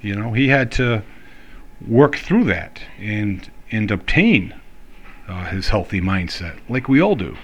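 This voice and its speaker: Low-voiced rambling middle-aged man. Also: expressive, takes it slowly, breathy edge. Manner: rambling, filler-heavy, chuckling. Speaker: vlogger. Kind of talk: casual monologue.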